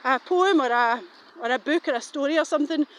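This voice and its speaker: A woman's voice: high-pitched, fairly quick. A middle-aged woman, rambling suspiciously and swearing casually while she talks walking outdoors. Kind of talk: rambling walking vlog monologue.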